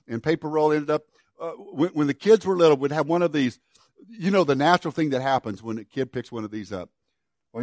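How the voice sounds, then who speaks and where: A middle-aged man preaching a sermon in a conversational way, restarting and repeating words, and dropping to a quiet low voice on key words. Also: dry recording, studio quality. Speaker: pastor.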